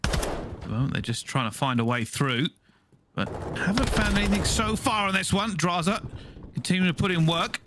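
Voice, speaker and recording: A man doing animated color commentary on an esports match, laughing and drawing words out for emphasis. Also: sits high, normal speed, noisy background. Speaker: esports analyst caster. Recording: clear game gunfire behind.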